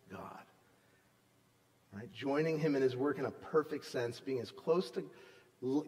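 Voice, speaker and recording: Emphatic preacher man in a reverberant hall. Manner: emphatic, often tags points with "right?"; swings between loud emphasis and soft, low asides. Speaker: pastor. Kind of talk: preaching a sermon. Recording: long reverb of a large hall.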